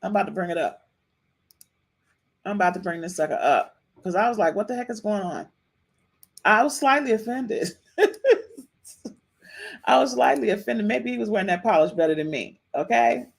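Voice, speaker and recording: A woman hosts a casual live-stream podcast with a sassy, animated delivery. She repeats her points again and again and keeps checking in with her listeners. Her voice sits at a middling pitch. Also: moderate pace, vocal fry, long pauses, slightly rough. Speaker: podcast host.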